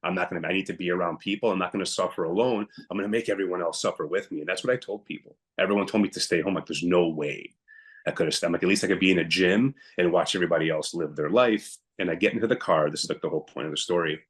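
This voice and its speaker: A young man with a very low voice, a guest on a podcast, recounting a hard personal story. He talks bluntly and with emphasis, often acting out what he said at the time. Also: very fast.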